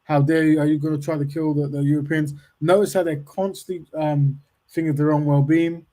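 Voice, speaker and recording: A man's voice: on the high side, flat delivery, brisk, warm tone. A man hosting a casual discussion who repeats words as he starts a point and often agrees with "of course".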